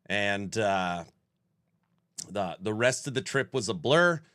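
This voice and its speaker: A man's voice: on the low side, lively intonation, slow, fairly bright tone, dry recording, studio quality. A man in his forties hosting a casual livestream and reading chat aloud. He sounds stuffed up and worn out and talks in a rambling, self-mocking way. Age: 40s. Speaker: streamer host.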